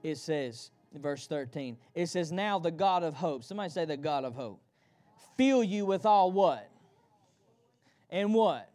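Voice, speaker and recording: A man's voice: fairly high pitch, lively intonation, unhurried, a little mellow. A man preaching a sermon to his congregation, calling for responses and repeating phrases in a rhythmic delivery. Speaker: pastor. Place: church.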